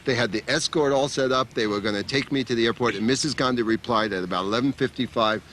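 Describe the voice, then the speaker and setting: A man's voice: medium pitch, fast. Laughing older man telling a tale. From United States. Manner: animated anecdote, laughing often, acting out quoted voices. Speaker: storyteller. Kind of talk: casual storytelling to a group. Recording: noisy room ambience.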